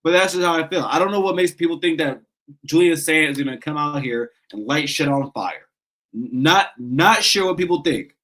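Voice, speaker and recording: A man's voice: a little high, moderate pace, fairly bright tone, poor audio. A man in his thirties runs a casual sports fan show in a slightly raised voice. He rants with passion, curses freely, and trips over his words as he restarts sentences. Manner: passionate, ranting, swears, stumbles and restarts. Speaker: sports call-in show host.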